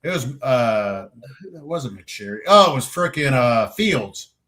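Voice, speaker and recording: A middle-aged man in casual storytelling mode, animated and a little profane. He acts out other people's lines with sudden jumps in pitch and volume, then drops back to an easy, ordinary voice. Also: slow pace. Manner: animated storyteller, acts out quotes loudly, swears freely. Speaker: podcast co-host, veteran.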